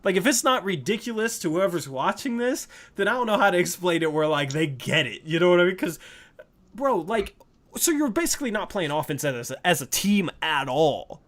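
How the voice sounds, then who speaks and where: A man's voice: high voice, lively intonation, fairly quick, a bit bright. A man co-hosting a casual sports podcast, exasperated and emphatic. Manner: exasperated, emphatic, says "bro". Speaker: podcast co-host.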